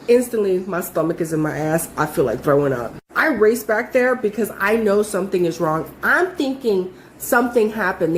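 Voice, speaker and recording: A young adult woman telling a story in a casual, animated way, full of swearing and emphasis. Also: mid-range voice, slight background noise.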